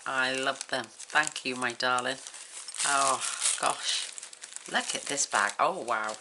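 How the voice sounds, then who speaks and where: A woman's voice: rumbling low, takes it slowly. A woman hosting a crafting channel, chatting casually and gushing with effusive exclamations as she unboxes mail. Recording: noisy room with paper crinkling.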